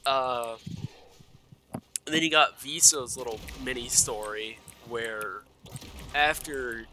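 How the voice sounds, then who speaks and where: A young man rambling excitedly about a video game, swearing a lot and stumbling over fillers and self-corrections. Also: medium pitch, slow. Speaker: gaming video creator. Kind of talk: excited, rambling gaming commentary.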